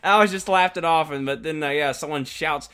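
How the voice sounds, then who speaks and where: A man's voice: on the high side, fairly quick, a bit bright, smooth. A man co-hosting a casual podcast chat, rambling and laughing often. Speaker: podcast co-host.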